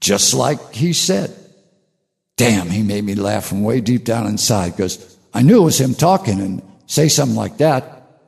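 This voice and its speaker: An older man hosting his own show, talking slowly through a reflective spiritual monologue with halting restarts. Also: on the low side, lively intonation, vocal fry, a little mellow, big-room sound. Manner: slow, musing, with halting restarts. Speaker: radio show host.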